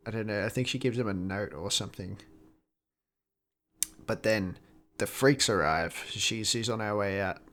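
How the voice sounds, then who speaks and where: A man with a lowish voice chatting on a podcast about a film he has just watched. He retells scenes loosely, acting out the characters' lines and swearing casually. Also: fairly bright tone. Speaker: podcast co-host. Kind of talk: casual movie review chat.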